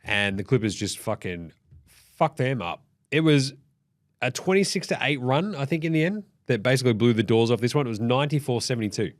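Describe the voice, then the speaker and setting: A young Australian man hosting a casual sports recap, sweary, excitable and jokey. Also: medium pitch, a little fast, dry recording, clean studio sound. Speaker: host.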